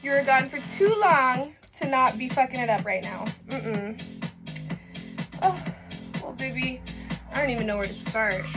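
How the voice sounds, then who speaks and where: A woman's voice: high-pitched, a little slow, long pauses, music in the background. A woman recording a casual, affectionate birthday video message for a friend, chatty and slangy.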